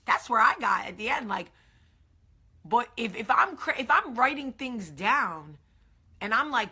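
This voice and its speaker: A woman's voice: on the high side, lively intonation, moderate pace, sharp tone, husky. A woman with a New York area accent, hosting a casual morning vlog and talking emphatically and earnestly straight to her viewers. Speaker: show host.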